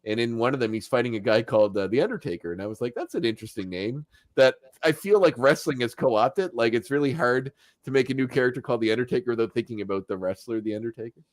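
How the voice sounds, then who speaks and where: A man hosting a casual podcast, recapping an animated episode as an animated storyteller who acts out quotes and chuckles as he goes. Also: mid-range voice, quick pace, hardly any pauses, no room sound. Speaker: podcast host.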